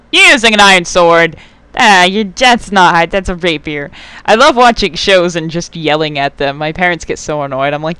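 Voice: mid-range voice, sharp tone, clean tone, no room sound. A young adult gamer giving casual let's play commentary, swearing often, getting worked up and talking back to the game.

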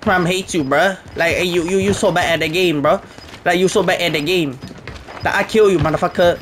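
A man's voice: high-pitched, steady tone, brisk, fairly bright tone, a little hiss or hum. A man putting on a taunting mock cheater voice. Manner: taunting, broken grammar. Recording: gunfire behind the game audio.

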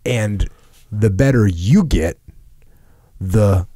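A man with a very low voice hosts a podcast in relaxed conversation. He talks in a measured, deadpan way and teases dryly. The sound is close and dry, with no room echo. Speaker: podcast host. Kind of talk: casual chat.

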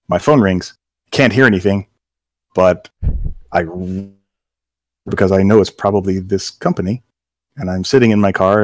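A middle-aged man in casual chat, telling a story about his job with quick quoted voices. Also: low voice, no echo. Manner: animated anecdote with acted quotes. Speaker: game company co-worker telling his hiring story.

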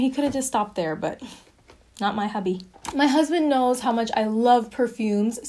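A woman's voice: a little high, a little mellow. A young woman chatting casually through a haul video, bubbly and full of fillers, a little out of breath. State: slightly out of breath. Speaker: vlogger.

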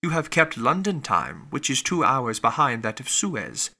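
Shrewd suspicious detective, measured and probing, lower and calmer, read by a male narrator. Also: gravelly, exaggerated voice. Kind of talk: audiobook character reading.

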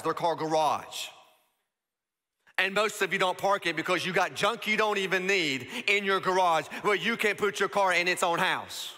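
A man preaching to his congregation with a high, bright, forceful voice that carries a long reverb through a church auditorium. He talks conversationally and keeps asking rhetorical questions, swinging between emphatic passages and hushed, intimate ones. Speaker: pastor. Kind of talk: sermon.

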